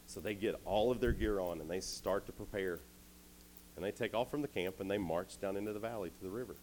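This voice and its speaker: A man's voice: lowish voice, fairly quick, a little mellow, a little hiss or hum. A young man giving a youth sermon, telling a story playfully and speaking directly to the crowd.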